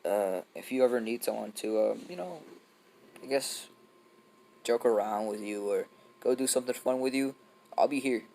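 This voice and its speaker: A man's voice: mid-range voice, normal speed, gravelly, long pauses, mellow, slight background noise, natural voice. A man voicing a cheerful, friendly teenage boy ninja who talks in a chatty, encouraging way full of fillers.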